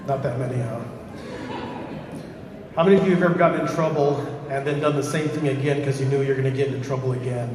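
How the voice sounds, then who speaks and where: A male storyteller with a mid-pitched voice tells a traditional tale to a live audience, lively and questioning them as he goes. He is picked up from a distance in a large hall full of echo and long reverb, with faint room ambience behind. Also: quick pace, background noise. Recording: echoey hall from far off.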